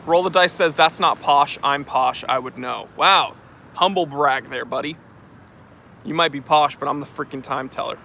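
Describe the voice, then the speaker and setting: A male channel host from New Hampshire, US, reads live chat while streaming outdoors on a street, using a phone on a handheld tripod. His fairly high voice has vocal fry, sounds pushed and bright, and puts on an affected posh English accent, with a little hiss or hum. At normal speed, he jokes and rambles casually, with frequent fillers.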